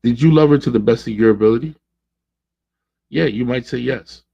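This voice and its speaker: Podcast host, man, husky and dark-toned, preachy advice monologue, dull lo-fi sound. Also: mid-range voice, fairly quick. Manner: preachy, acts out quoted voices.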